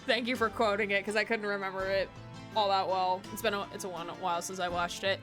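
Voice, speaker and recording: A woman's voice: mid-range voice, level tone, fast talker, music in the background. A woman streaming a game, giggling, swearing freely and voicing characters in playful commentary.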